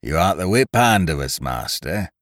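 A man's voice: low-pitched, very animated, a little slow, no room sound, clean studio sound. A man voicing a pleading male pirate mutineer who talks in a rustic sailor's dialect.

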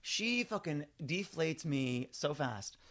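A man's voice: fairly high pitch, lively intonation, slow, fairly bright tone. A man in his forties in casual chat, animatedly telling an anecdote and acting out the voices of the people in it. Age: 40s.

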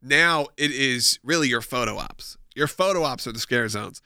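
A man's voice: medium pitch, expressive, moderate pace, pushed and bright, no echo, clean studio sound. A young man co-hosting a casual chat show, conversational and teasing, often trailing off mid-sentence. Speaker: podcast co-host.

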